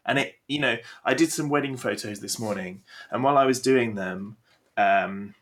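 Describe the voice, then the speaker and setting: A young man, a podcast co-host and game master, chatting casually with animated, self-deprecating storytelling. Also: mid-range voice, moderate pace.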